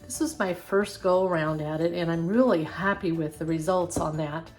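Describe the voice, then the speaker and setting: A woman's voice: lowish voice, fairly even intonation, moderate pace, soft background music. An older woman hosting a casual craft tutorial, chatty and encouraging, with a self-deprecating streak. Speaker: craft channel host.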